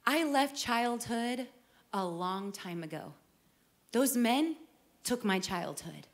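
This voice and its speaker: A woman's voice: fairly high pitch, lively intonation, extremely slow, pauses often. A middle-aged woman giving an earnest, emotional personal testimony as a worship singer. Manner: earnest storytelling, emotional, with repeated phrases.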